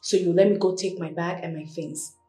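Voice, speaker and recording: A woman's voice: lowish voice, fairly even intonation, a little fast, mellow, echoey room, faint music behind, close to an everyday voice. An actress playing a young widowed queen who pleads tearfully and snaps back in anger. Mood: angry defiant. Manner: tearful, pleading, then sharply angry. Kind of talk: Nollywood film acting.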